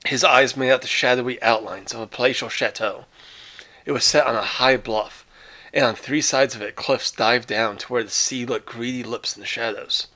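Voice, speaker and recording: A man's voice: mid-range voice, fairly even intonation, normal speed, sharp tone. A man reading a short story aloud with dramatic phrasing and casual, offhand asides. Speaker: reader.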